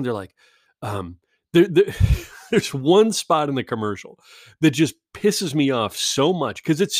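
A man's voice: fairly high pitch, no echo, studio quality. A man in a casual rambling monologue, ranting and self-deprecating, swearing often.

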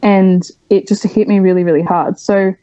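A woman's voice: mid-range voice, little pitch movement, moderate pace, dark tone, dry recording, highs cut off. A young woman from Australia, a podcast guest, speaking frankly and at length in a candid interview, with many fillers.

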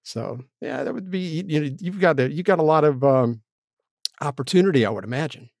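A man's voice: a little high, expressive, brisk, darkish tone, no room sound, studio quality. A man hosting an interview, chatting in a rambling, self-deprecating way with lots of restarts. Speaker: podcast host. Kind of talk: casual interview chat.

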